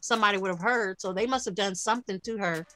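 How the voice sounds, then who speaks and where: A woman's voice: mid-range voice, fast talker, a bit bright, faint music behind. A woman co-hosting a casual true-crime podcast, chiming in with short agreements and asides. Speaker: podcast co-host.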